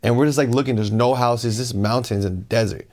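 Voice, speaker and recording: A young man with a mid-range voice tells a road story in an animated way, acting out each quote and saying "like" a lot. He speaks into a lapel mic in a small, echoey room. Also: medium pitch, brisk. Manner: animated, acts out quotes, many "like"s. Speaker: guest, long-distance skateboarder. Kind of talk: casual storytelling.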